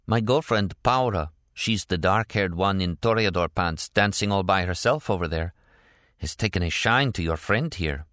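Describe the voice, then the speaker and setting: A man's voice: sits low, expressive, normal speed, fairly bright tone, dry recording, studio quality. A man voicing a breezy young barmaid.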